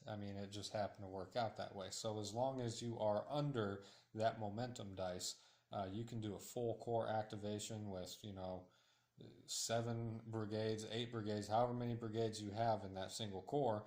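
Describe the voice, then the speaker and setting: A man's voice: lowish voice, a little mellow. A man patiently explaining a tabletop wargame's rules step by step, with frequent fillers. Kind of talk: tabletop game tutorial. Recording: roomy echo.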